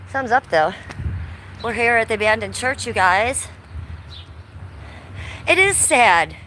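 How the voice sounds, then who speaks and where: A woman with a Cleveland accent and a slightly high, somewhat bright voice hosts a casual livestream outdoors beside an old church. She's a little breathless from biking and reads chat comments aloud, picked up by a phone on a chest harness. The audio is poor, with some hiss or hum.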